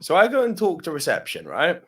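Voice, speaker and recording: A man hosting a podcast, casually telling an animated story and acting out the back-and-forth of a confrontation. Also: on the high side, a little fast. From Nigerian background. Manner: animated anecdote telling, acts out quoted exchanges. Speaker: podcast host.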